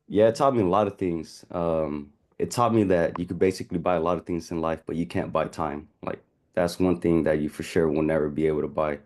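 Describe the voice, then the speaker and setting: A young man in his twenties speaks in a low voice on a video call. His words come slowly and haltingly, thoughtful, with many small pauses and "um"s. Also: darkish tone. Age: 20s. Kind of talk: candid personal sharing.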